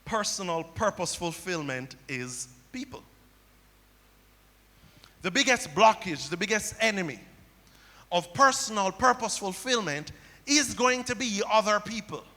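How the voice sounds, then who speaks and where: A man serving as pastor preaches in a high, bright, forceful voice, telling stories and repeating key phrases back to the congregation. The church sanctuary gives the recording a long hall reverb.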